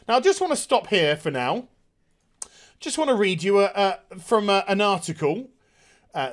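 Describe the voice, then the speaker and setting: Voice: mid-range voice, sing-song, normal speed. A TV review host recapping an episode with sarcasm and open contempt, often stumbling over fillers and restarts and mocking the characters in put-on voices. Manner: frequent filler hesitations and restarts.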